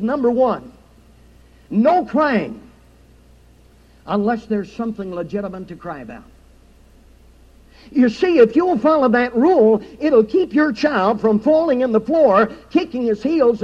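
A man preaches from the pulpit with a strikingly high voice and an emphatic, rhythmic cadence as he recites scripture. The recording is dull and lo-fi, with a muffled top end. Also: animated, a little slow, a little mellow. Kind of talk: sermon. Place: church sanctuary.

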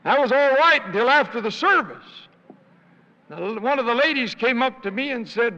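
An older man with a hoarse voice, a traveling evangelist telling folksy stories in a sermon and acting out the people he quotes. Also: very high-pitched, animated, normal speed, bright, forceful tone. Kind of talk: anecdotal sermon storytelling with jokes. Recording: reverberant hall, dull lo-fi sound.

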